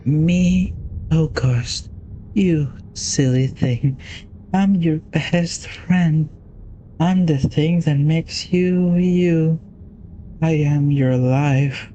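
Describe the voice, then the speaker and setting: A man putting on a slow, creepy, coaxing presence. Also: fairly high pitch, dark tone, lo-fi sound, a little hiss or hum. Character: creepy unseen presence posing as a friend.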